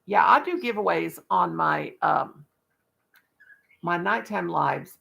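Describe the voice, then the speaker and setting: Gravelly, blunt woman chatting. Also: lowish voice, expressive, slow, sharp tone. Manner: blunt, rambling, folksy, talks to chat and her birds. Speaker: livestream vlogger. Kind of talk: casual chat while crocheting.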